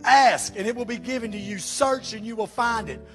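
A man's voice: sits high, a little fast, a bit bright, soft background music. A man preaching a sermon to his church, reading scripture with emphatic praise.

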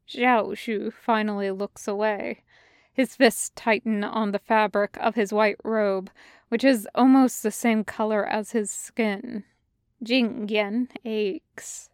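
A woman narrating a fan audiobook in a slow, measured reading. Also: mid-range voice, fairly even intonation, clear, resonant tone, no echo, clean studio sound.

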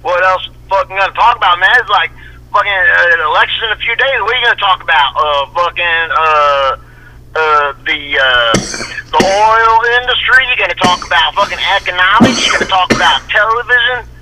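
A man's voice: high voice, brisk, noisy background, voice pushed up, natural voice. A man voicing a boisterous Southern truck-driving patriot who leaves rambling, swear-filled voicemails with a Southern accent. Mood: rowdy. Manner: rambling, swears constantly, says "man" after every sentence. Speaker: caller. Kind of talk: voicemail comedy bit.

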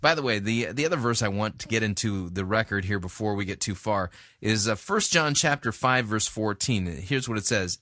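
A man's voice: lowish voice, lively intonation, moderate pace, few pauses, pushed and bright, no echo, studio quality. Blunt-talking man critiquing a sermon. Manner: conversational and blunt, with fillers. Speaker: host. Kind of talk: commentary.

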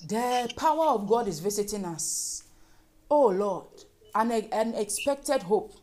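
A woman's voice: medium pitch, lively intonation, slow pace, darkish tone. Woman, prayer leader, fervent, repetitive petitions, speaking in tongues. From Africa. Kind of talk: leading fervent group prayer.

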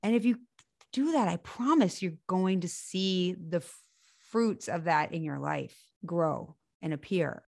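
A woman's voice: lowish voice, expressive, unhurried, gravelly, a little mellow, no echo. Earnest woman in a dry, close recording. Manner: earnest, reassuring, speaks from experience. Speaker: spiritual coach. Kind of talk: conversational teaching.

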